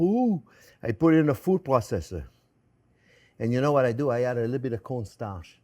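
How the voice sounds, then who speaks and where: Running his cooking show, a middle-aged chef talks in a medium-pitched voice with a darkish tone. He chats freely, cracks jokes, and calls the audience his friends.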